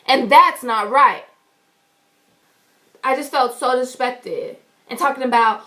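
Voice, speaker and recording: A woman's voice: high voice, expressive, normal speed, pushed and bright. A woman vlogger telling a story in an indignant, emphatic way, swearing freely. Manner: indignant, emphatic and profane retelling. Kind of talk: storytime vlog.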